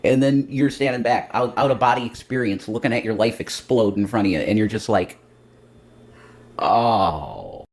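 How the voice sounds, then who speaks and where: A man's voice: mid-range voice, fairly even intonation, brisk, few pauses, darkish tone. A man hosting a livestream, rambling casually with lots of profanity and self-mockery. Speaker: livestream host.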